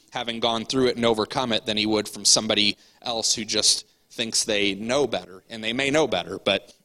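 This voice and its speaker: A man's voice: medium pitch, bright, forceful tone, low-quality recording. A man preaching a sermon to his church in a conversational way, with fillers and repeated words. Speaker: pastor.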